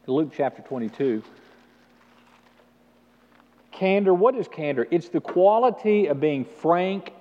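A male pastor preaching an animated sermon with call-and-response to the congregation in a church. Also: on the high side. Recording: dull sound with long hall reverb.

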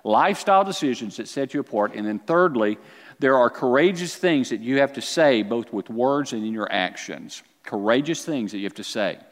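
A man preaching a sermon as a pastor, with animated delivery that climbs to near-shouts and then drops low. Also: normal speed. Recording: long hall reverb.

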